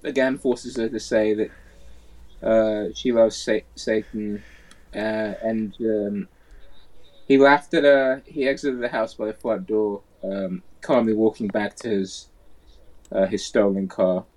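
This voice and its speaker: A man hosting a podcast, reading a crime account aloud in a plain, steady way with small stumbles, then chatting. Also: lowish voice, slow, low-quality recording. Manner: reads passages in a plain, steady way, stumbling over words.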